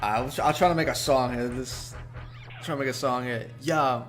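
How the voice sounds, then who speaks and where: A man's voice: mid-range voice, normal speed, music in the background. A man hosting a casual podcast, talking in a defensive, profane, rambling way. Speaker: podcast host.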